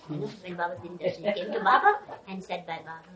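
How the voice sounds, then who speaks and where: A woman speaking English as a second language recounts anecdotes with animated delivery and frequent laughter. She often pauses to hunt for the right word. The mic sits some way off from her. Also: on the low side, distant mic, low-quality recording. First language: not English. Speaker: storyteller.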